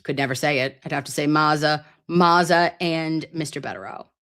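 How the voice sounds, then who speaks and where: A woman's voice: sits low, moderate pace, a bit bright. A woman in her late thirties hosting a live stream, chatting in a rambling, playful and sometimes crude way. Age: 30s. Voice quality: self-described grating voice. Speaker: livestream host. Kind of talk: casual livestream chat. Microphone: computer mic on a live stream.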